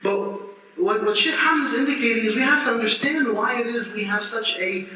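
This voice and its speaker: A man in his thirties, teaching students and telling stories in an animated way, with laughter and restarts. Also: extremely high pitch, brisk. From United States. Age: 30s. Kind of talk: lecture to students. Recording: echoey hall, distant mic, faint noise.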